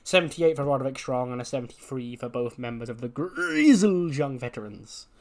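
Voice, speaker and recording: A man's voice: medium pitch, sing-song, fairly quick. Casual man narrating a wrestling sim. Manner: casual, rambling, joking, with fillers like "you know". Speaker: let's play host. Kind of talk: casual game commentary.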